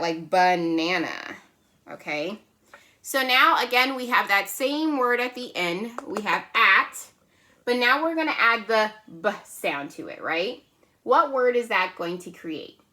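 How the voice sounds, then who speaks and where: A woman teaching a phonics lesson to young children, patient and slow, checking in often with "right?" and "okay?". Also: medium pitch, pushed and bright. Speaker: kindergarten teacher.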